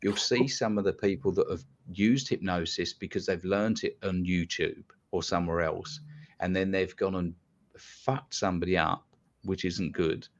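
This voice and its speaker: Blunt man, low voice, lo-fi. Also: moderate pace. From London, England. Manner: blunt, animated storyteller who swears casually. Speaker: guest hypnotist. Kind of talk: casual podcast storytelling. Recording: dull lo-fi sound.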